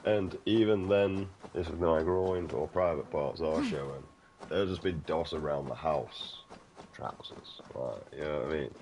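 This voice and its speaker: A man with an extremely deep, gravelly voice talks casually while he plays a game. He rambles from one tangent to the next, swears freely and keeps calling the listener mate. The recording carries a clear noisy hiss underneath. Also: measured pace, a little mellow. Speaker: gaming channel host. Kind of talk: casual chat over gameplay.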